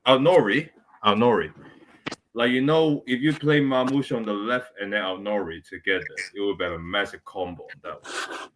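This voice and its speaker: A male guest on a streamed panel, speaking hesitantly with frequent fillers. His voice is very low but bright and forceful. There is a faint hiss behind him. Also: normal speed, low-quality recording. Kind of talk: panel chat on a live stream.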